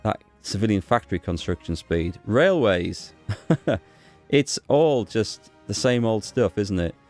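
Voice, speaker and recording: A man's voice: lowish voice, lively intonation, slow pace, a little mellow, soft background music. A man giving casual gameplay commentary, thinking aloud as he plays, with fillers and small restarts. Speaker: gaming YouTuber.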